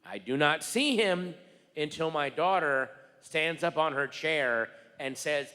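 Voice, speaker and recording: A man doing stand-up comedy in a theater, telling a story in rapid, exasperated bursts that build into shouts. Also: fairly high pitch, animated. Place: large theater stage. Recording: reverberant theater with faint room noise.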